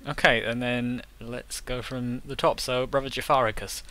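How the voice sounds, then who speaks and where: A man narrating as game master of a tabletop game, halting and full of restarts. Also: mid-range voice, fairly even intonation, bright, forceful tone, no room sound.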